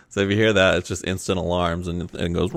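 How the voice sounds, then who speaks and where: A man's voice: deep voice, gravelly, dry recording. A man co-hosting a podcast in casual chat, laughing often and restarting his sentences. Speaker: podcast co-host.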